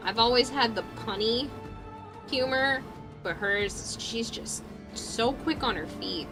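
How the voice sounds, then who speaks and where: Her voice a little high, this young adult woman takes it slowly as she chats on a livestream. She works on a cosplay, telling stories, laughing and swearing without restraint, while music plays.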